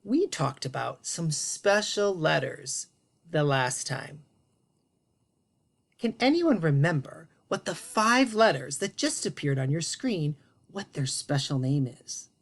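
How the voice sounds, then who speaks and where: A woman giving a children's phonics lesson on video, in an animated sing-song teacher voice that stretches out the sounds. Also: deep voice, takes it slowly, vocal fry. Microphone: video lesson to camera.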